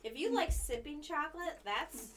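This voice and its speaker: A woman's voice: sits high, lively intonation, moderate pace, fairly bright tone, distant mic. An older woman co-hosting a coffee tasting, frank and teasing as she gives her opinions. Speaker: co-host at a coffee company. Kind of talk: casual tasting chat.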